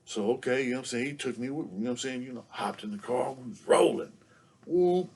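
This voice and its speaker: Man, guest storyteller, casual, medium pitch, heavy filler phrases. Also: animated, fast talker, a little mellow, breathy edge. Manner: fills every phrase with "you know what I'm saying".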